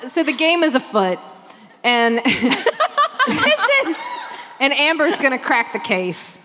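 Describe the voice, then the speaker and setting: A woman's voice: high-pitched, wildly swooping pitch, noisy background. A woman co-hosting a live comedy podcast on stage, talking wryly about a movie and laughing often. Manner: laughing, quick wry commentary. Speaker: co-host. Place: stage before a live audience. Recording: live stage recording with long hall reverb.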